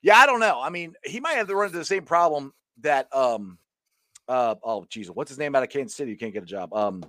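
A man hosting a casual sports talk show, animated and reading viewer comments aloud. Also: mid-range voice, fast talker, dry recording, studio quality. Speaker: show host.

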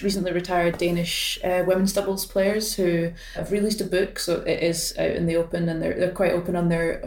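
A woman's voice: fairly low pitch, darkish tone, reverberant, distant mic. A Scottish woman in her late twenties, a badminton player chatting in an interview, hesitant with many fillers and restarts. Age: late 20s. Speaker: professional badminton player, guest. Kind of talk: casual interview chat.

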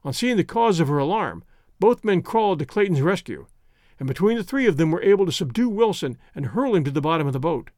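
Man reading a story, fairly high voice. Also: sing-song, fast, darkish tone, no room sound, studio quality. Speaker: audiobook narrator. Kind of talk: scripted narration.

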